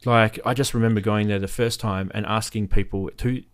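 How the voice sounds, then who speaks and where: Australian guy hosting a stream chat, lowish voice, lots of ums and restarts. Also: steady tone, a little fast. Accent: Australian, light. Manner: rambling, many ums and restarts. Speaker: host. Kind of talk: casual chat on a live stream.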